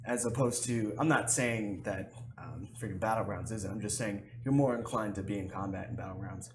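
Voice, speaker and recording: A man co-hosting a podcast, chatting casually and telling stories in an animated way. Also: fairly low pitch, brisk. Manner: animated storyteller who jumps into voices. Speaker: podcast co-host. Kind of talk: casual chat.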